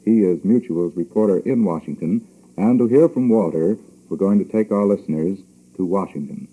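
A man announcing on 1940s radio in a steady, plain delivery. His voice is very deep and dark, with a husky grain. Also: moderate pace, poor audio.

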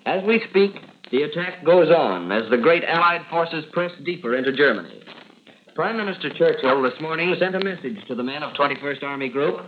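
A man presenting a radio newsreel in a crisp, formal announcing style. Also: a little high, expressive, normal speed. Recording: tinny, hissy 1940s radio archive.

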